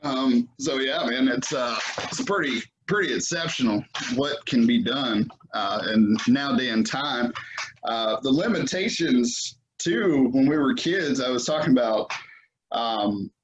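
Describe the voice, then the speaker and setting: A man hosts a podcast in casual conversation, rambling with plenty of fillers and restarts. His mid-range voice is unhurried, and the recording sounds muffled with slight background noise.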